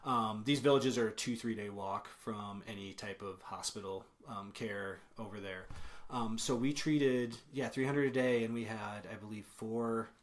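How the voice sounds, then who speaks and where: A man's voice: lowish voice, moderate pace. A young man as a podcast guest, telling a travel story in a casual, rambling way, full of ums, self-corrections and small chuckles. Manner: chuckles while telling stories.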